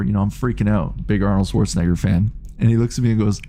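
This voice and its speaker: A man's voice: on the low side, fairly even intonation, fast, hardly any pauses, mellow. A man in his late thirties chatting casually on a game live stream, rambling, swearing freely and reading out chat messages. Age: 30s.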